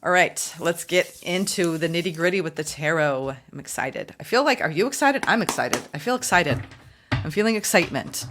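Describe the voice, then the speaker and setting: Low-voiced upbeat woman tarot reader. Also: normal speed, slight background noise. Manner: chatty, upbeat, gushing with excitement. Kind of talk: tarot reading for viewers.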